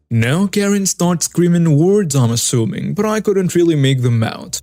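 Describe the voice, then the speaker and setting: A man's voice: on the high side, expressive, moderate pace, dark tone, no room sound. A man narrating a customer-service story in a wry, conversational way. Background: faint background music.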